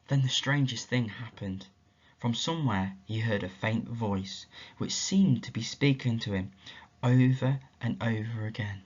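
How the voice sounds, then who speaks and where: Expressive storytelling male teacher, muffled. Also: medium pitch, a little slow, breathy edge. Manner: expressive, asks the children questions. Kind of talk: storytelling at a school assembly. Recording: dull, muffled lo-fi recording.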